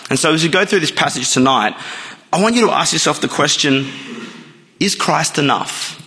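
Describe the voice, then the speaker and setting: A man preaching a sermon, measured and storytelling, with lots of rhetorical questions. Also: fairly high pitch, bright, forceful tone, big-room sound.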